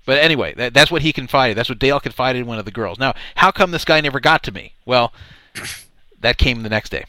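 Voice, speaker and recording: A man with a bright, forward voice hosts a radio talk show, spinning a rambling anecdote and stumbling over repeated words. The sound is close and dry with almost no room. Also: mid-range voice, expressive, brisk, dry recording. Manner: rambling, repeats words, laughs at his own story. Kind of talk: casual storytelling chat.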